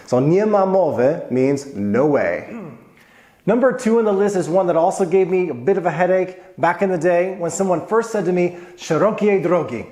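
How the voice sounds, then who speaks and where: A man's voice: high voice, animated, moderate pace, a little mellow, reverberant. A man explaining everyday phrases in casual talk, telling personal anecdotes along the way. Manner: chatty, tells personal anecdotes. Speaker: video host explaining Polish expressions.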